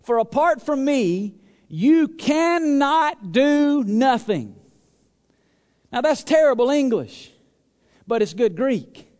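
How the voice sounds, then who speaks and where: A man preaching a sermon in a church, asking the congregation to answer aloud and swinging between loud stressed phrases and low quiet asides. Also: long reverb tail. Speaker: pastor.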